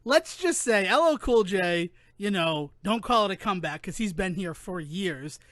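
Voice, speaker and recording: A man co-hosting a podcast, chatting casually in an animated, rambling way that keeps interrupting itself. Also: sits high, normal speed, no echo, clean studio sound. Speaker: podcast co-host. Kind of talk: casual chat.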